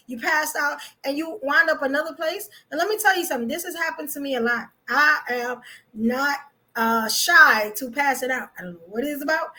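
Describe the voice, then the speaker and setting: A young adult woman hosting a podcast, telling a personal story in a lively way, with lots of laughter and fillers. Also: high voice. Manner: animated, laughs often, many fillers. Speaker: podcast host.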